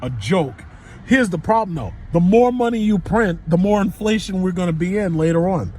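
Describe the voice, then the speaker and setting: A man's voice: high-pitched, lively intonation, moderate pace, darkish tone. A man vlogging from his car in traffic, ranting sarcastically and swearing about drivers and politics. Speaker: vlogger commenting while driving. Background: faint traffic noise.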